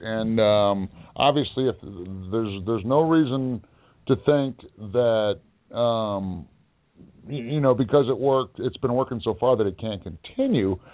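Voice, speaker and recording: Low-voiced man on a tinny line. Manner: halting, many fillers and restarts. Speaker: sports show co-host. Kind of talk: casual sports talk. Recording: tinny phone-like audio.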